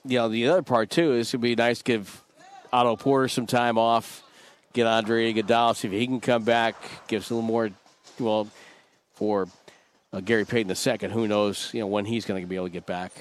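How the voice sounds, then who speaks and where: A man's voice: fairly low pitch, little pitch movement, brisk. A man working as a play-by-play broadcaster, wrapping up a postgame show in an easygoing, amused, teasing way.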